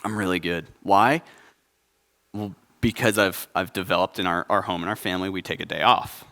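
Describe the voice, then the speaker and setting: A man's voice: sits low, moderate pace, sharp tone, big-room sound. A young adult man preaching a conversational sermon at a church service, joking and asking the congregation questions. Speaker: pastor.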